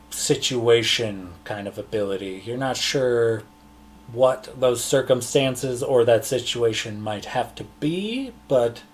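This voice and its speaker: A man running an online tabletop game as game master, talking in a loose, relaxed way with lots of fillers and restarts. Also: medium pitch. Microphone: online session mic.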